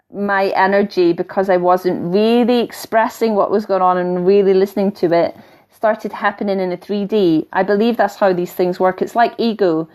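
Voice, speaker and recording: A middle-aged woman with a softened Scottish accent, talking casually on a live stream as a spiritual teacher, wandering off topic and laughing now and then as she coaches viewers. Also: medium pitch. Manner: chatty and digressive, laughing often, coaching tone. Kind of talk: live-stream talk, reading viewer comments.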